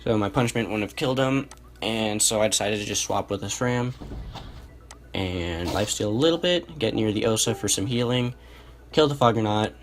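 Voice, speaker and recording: A man's voice: on the low side, animated, moderate pace. A young man casually commentating a replay of his own match, thinking aloud and correcting himself as he goes. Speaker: gameplay commentator. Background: music.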